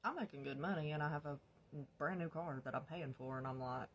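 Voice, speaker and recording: A young woman telling her own story to the camera in a casual, animated way, swearing freely, laughing often and calling her viewers y'all. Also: sits low, a little fast.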